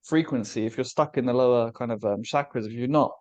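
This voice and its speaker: A man talking through big spiritual ideas on a podcast, in a mid-pitched voice. He muses aloud in a loose, philosophical way and breaks into easy laughter. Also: fast, darkish tone, highs cut off. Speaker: podcast co-host. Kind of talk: casual spiritual podcast discussion.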